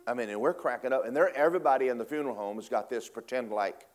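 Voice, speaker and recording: A man preaching a storytelling sermon, animated, acting out voices and laughing often. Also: medium pitch, quick pace.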